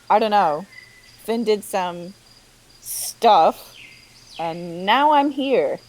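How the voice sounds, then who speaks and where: A woman's voice: on the low side, low-quality recording. A woman player speaking in character during a tabletop role-playing game, in a casual, chatty and giggly way.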